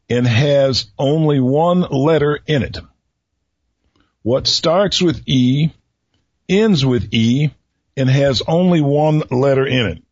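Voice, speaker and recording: Slow, husky-voiced male radio host. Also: medium pitch, dry recording, lo-fi sound. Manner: slow, folksy, teasing delivery. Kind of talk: solo radio talk with riddles.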